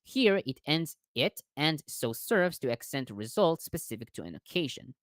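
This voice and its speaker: Lively-voiced man reading commentary. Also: a little high, moderate pace, no room sound, studio quality. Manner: careful reading with small restarts on hard words. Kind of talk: reading quoted scholarly commentary aloud.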